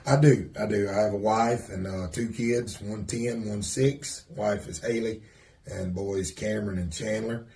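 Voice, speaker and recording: A man with a Southern US accent, from the Mississippi coast, talking as a pastor in a casual interview, relaxed and hesitant with many fillers. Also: lowish voice, measured pace, slight background noise. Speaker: pastor, guest.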